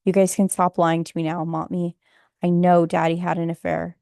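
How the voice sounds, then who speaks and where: A woman narrator voicing a seventeen-year-old daughter caught between her parents, quiet and earnest, in a memoir audiobook. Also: lowish voice, completely flat delivery, moderate pace, vocal fry, dry recording, clean studio sound.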